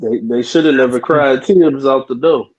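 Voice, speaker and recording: A man's voice: medium pitch, normal speed. A man in casual sports chat, blunt and profane in his opinions. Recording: dull lo-fi sound.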